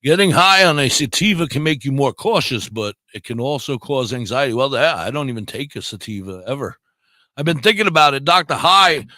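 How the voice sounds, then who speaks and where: A man's voice: medium pitch, expressive, brisk, sharp tone, no echo. A man co-hosting a casual radio chat show, blunt and rambling, with frequent swearing.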